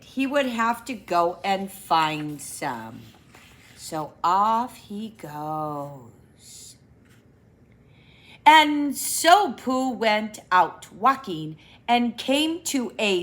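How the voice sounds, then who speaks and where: A woman reading a children's picture book aloud, with teacherly questions to young listeners. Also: mid-range voice. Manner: slow, expressive, teacherly asides.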